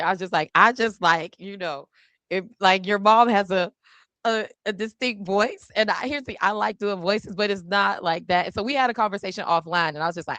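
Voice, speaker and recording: A woman's voice: mid-range voice, fairly quick, a bit bright, no echo. A woman hosting a show and chatting casually in a loose, slangy, laughing way. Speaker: show host and journalist. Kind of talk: casual chat. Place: studio. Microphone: studio mic.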